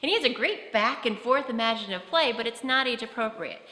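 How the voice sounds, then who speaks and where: A woman's voice: fairly high pitch, expressive, quick pace, sharp tone. A woman giving a conference talk, conversational, with frequent fillers and restarts. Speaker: presenter on autism. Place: conference hall. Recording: echoey hall with long reverb.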